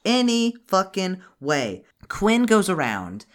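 A woman's voice: mid-range voice, sing-song, takes it slowly. Profane, laughing woman retelling a cartoon. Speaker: podcast co-host. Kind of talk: casual chat reviewing a cartoon.

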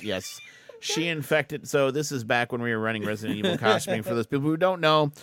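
A middle-aged man hosting a podcast, reading out a plot summary and then riffing on it in a joking, animated way, laughing often. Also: mid-range voice, a little fast, slight background noise. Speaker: podcast host. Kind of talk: casual chat recapping a film.

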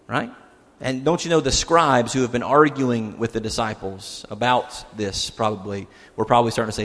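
A man's voice: medium pitch, fairly quick. A male pastor giving a conversational sermon, putting rhetorical questions to his listeners. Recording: long hall reverb.

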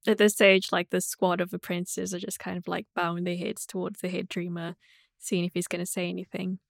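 A woman game master narrating a tabletop game, quick and soft-spoken. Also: fairly low pitch, little pitch movement, vocal fry, no room sound, studio quality.

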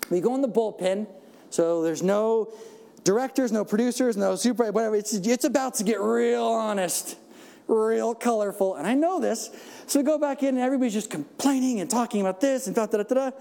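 A man preaching in the style of lively storytelling, laughing often and acting out the voices of people in his stories. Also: high voice. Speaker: church speaker. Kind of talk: sermon storytelling.

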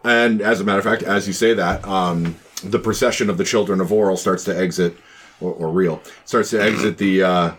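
A man narrating a tabletop game as game master, rambling with many pauses and restarts. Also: low voice, fairly even intonation, husky.

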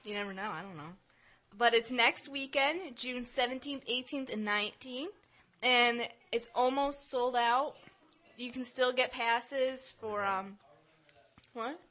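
A woman's voice: on the high side, measured pace, fairly bright tone. A woman co-hosting a casual podcast chat, giggly and chatty as she reads through a list. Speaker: podcast co-host.

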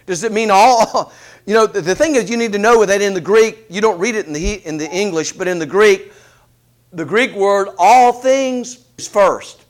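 A man preaching a sermon, asking rhetorical questions in an animated delivery. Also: high-pitched, moderate pace.

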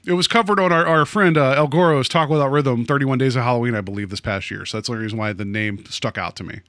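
A man's voice: mid-range voice, quick pace, fairly bright tone, no echo, studio quality. A man co-hosting a podcast in casual chat, rambling along with lots of "like" fillers. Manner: rambling, filler-heavy with many "like"s. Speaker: podcast co-host.

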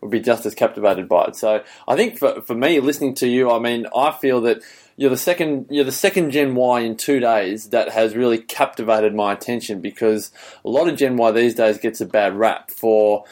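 A man's voice: mid-range voice, moderate pace, darkish tone. A man, co-hosting a podcast, who thinks aloud in long, reflective sentences. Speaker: podcast co-host. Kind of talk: casual chat.

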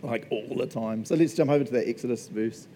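Chatty New preacher saying "eh?". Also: male voice, mid-range voice, fairly quick, warm tone, a little hiss or hum. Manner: chatty and enthusiastic, with lots of asides and "eh?". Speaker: pastor. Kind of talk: sermon. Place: church service.

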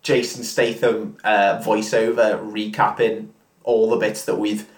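A man's voice: fairly low pitch, flat delivery, a little slow, reverberant. A man casually retelling a film plot in a rambling, sweary way, full of fillers. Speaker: podcast co-host retelling a film. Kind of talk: casual drunken chat.

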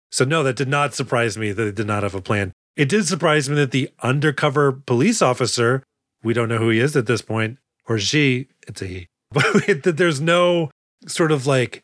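A man's voice: mid-range voice, normal speed, fairly bright tone, no room sound. A man co-hosting a podcast who jokes and swears casually as he recaps film scenes. His voice is dry and close, with nothing of the room around it. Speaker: podcast co-host. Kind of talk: casual chat.

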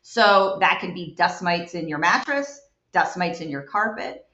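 A woman, a home environmental investigator, telling stories as a guest in an animated, chatty way with many fillers. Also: fairly low pitch, unhurried. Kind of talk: guest storytelling in a chat. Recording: roomy, dull lo-fi sound.

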